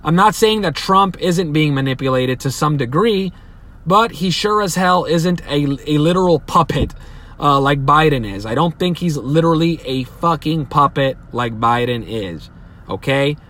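Profane, heated podcast host. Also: male voice, fairly high pitch, normal speed, a bit bright. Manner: profane, heated, rambling with restarts. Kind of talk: opinionated solo podcast monologue.

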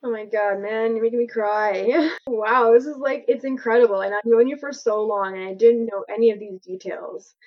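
A woman hosting an interview, asking curious follow-up questions in a warm, engaged way. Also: a little high, steady tone, moderate pace, hardly any pauses, muffled recording. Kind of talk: conversational interview.

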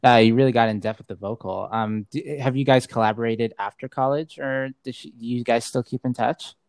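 A male podcast host at an ordinary middle pitch, rambling through casual conversation with plenty of fillers and quick laughs. The sound is dry and close, with no room around it. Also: fairly even intonation, darkish tone, no echo. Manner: chatty, filler-heavy, laughs easily.

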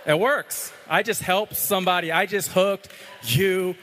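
A man's voice: sits high, measured pace, fairly bright tone, slight background noise. A man preaching a sermon as pastor, joking playfully at times and praying earnestly. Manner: playful, joking asides then earnest prayer. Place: church. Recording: long hall reverb.

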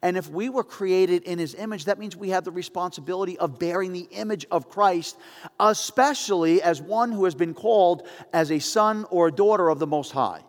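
A male pastor preaching in a casual, storytelling way with animated asides. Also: high-pitched, normal speed, in a large hall. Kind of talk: sermon.

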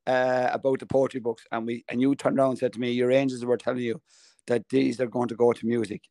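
An Irish man co-hosting a casual podcast chat, telling stories with animated energy and jumping high in pitch when amazed. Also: quick pace, no echo. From Ireland. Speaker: podcast co-host.

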